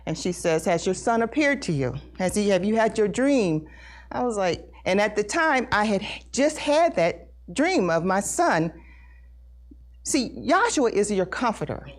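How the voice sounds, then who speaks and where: Earnest woman with a lively, rising voice. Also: mid-range voice. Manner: earnest, halting, repeats words, voice rises when emotional. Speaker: congregation member sharing testimony. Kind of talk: emotional personal testimony at a Bible study.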